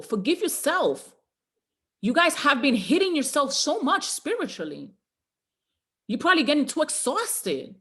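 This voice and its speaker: A woman's voice: high voice, a bit bright. A woman giving a motivational talk to a group call, preacher-like and exhorting, with repeated rallying lines. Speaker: motivational trainer.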